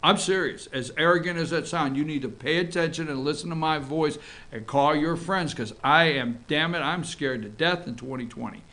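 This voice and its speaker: A man from North Georgia, hosting a live online morning show in an excitable, rambling, emphatic way. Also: fairly high pitch, moderate pace. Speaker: host.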